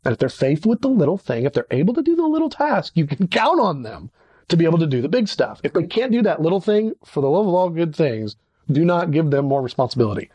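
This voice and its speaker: Animated man teaching on leadership. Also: fast, breathy edge, no room sound. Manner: animated, acts out little dialogues with sudden pitch jumps. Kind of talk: conversational teaching talk.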